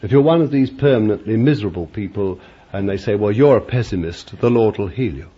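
A man's voice: lowish voice, lively intonation, fast talker, dark tone, slightly rough. An older man preaching a sermon, emphatic and chuckling often, repeating his phrases. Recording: dull lo-fi recording with faint background noise.

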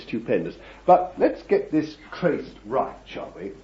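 A man preaching a sermon, reading scripture and addressing his listeners as beloved, swinging from hushed words to loud ones. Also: medium pitch, very animated, moderate pace, hardly any pauses. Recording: dull, echoey old recording.

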